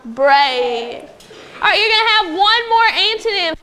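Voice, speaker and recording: A woman teaching a phonics lesson to young pupils in a classroom, patiently prompting them and sounding out words slowly. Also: extremely high pitch, expressive, bright, forceful tone, slight background noise. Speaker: elementary school teacher.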